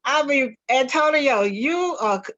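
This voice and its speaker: A woman's voice: sits high, expressive, unhurried, fairly bright tone, muffled recording. A woman on a group video call, giving a playful, sassy testimony of gratitude.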